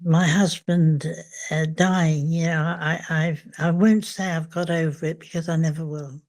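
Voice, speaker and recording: An older woman, a memoir author, speaking reflectively in an interview, thoughtful and hesitant with frequent pauses. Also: sits low, fairly even intonation, darkish tone.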